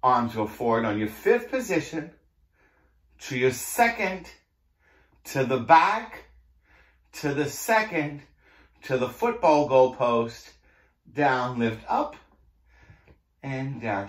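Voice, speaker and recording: A man with a Boston accent cueing a mat Pilates class, playful and jokey as he counts through the moves. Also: mid-range voice. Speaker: Pilates instructor.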